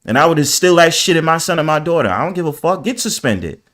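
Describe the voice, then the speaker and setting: A man's voice: a little high, sing-song, fast, a bit bright. A man hosting a call-in panel, blunt and profane in casual talk. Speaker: panel host. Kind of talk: heated casual chat. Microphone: phone or video call.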